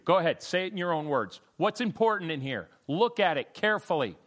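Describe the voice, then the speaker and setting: Middle-aged guy running a bible class, kinda high voice, joking around, lots of ums, calling on kids by name. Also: sing-song, fairly quick, few pauses, fairly bright tone. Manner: playful, calls on students by name, many fillers. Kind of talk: interactive Bible study class.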